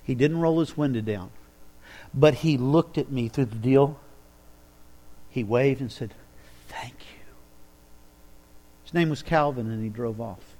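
A man preaching a sermon, telling a personal story with dramatic hushes and building to emphatic preaching. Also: mid-range voice, normal speed, pauses often. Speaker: pastor.

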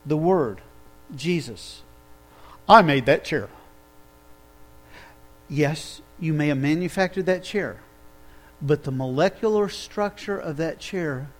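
A male preacher delivering a sermon, telling the story with lively energy and asking his listeners questions. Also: high voice. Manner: animated storytelling, asks the audience questions.

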